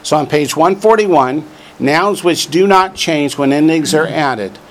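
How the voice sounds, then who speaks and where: A man's voice: a little high, lively intonation, unhurried. A man teaching a class from a textbook, drilling vocabulary and adding dry joking asides. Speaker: Hebrew teacher. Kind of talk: classroom lesson, reading from a textbook.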